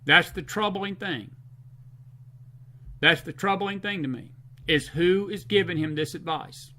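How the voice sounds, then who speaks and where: A Southern American man hosts a late-night live stream with a high, forceful voice. He talks emphatically and keeps repeating short phrases for stress. His tone stays bright and tense as he answers his viewers' comments. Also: a little slow. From Southern United States. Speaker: host.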